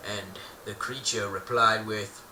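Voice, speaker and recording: A man's voice: fairly low pitch, fairly even intonation, takes it slowly, heavy background noise. A man telling an improvised story in a playful, rambling way, often correcting himself mid-sentence. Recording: roomy echo, distant mic.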